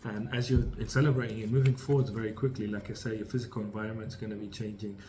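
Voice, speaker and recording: A British man with a low voice gives a casual tarot reading, rambling and upbeat as he restarts his sentences. His pitch stays fairly flat, and faint noise hums under the recording. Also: fast. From United Kingdom. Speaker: tarot reader.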